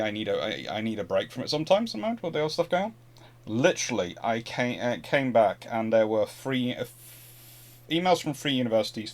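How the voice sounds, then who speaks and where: A British man hosting a casual history talk, animated, often restarting sentences and acting out dialogue. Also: fairly low pitch. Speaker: naval historian and host.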